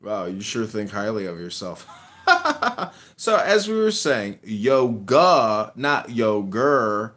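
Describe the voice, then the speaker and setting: A man's voice: on the low side, wildly swooping pitch, slow, pushed and bright. A man hosting a live audio chat room, brash and crude, mocking and insulting his guests. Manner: brash, crude and insulting, drawing out words to mock. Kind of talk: casual chat.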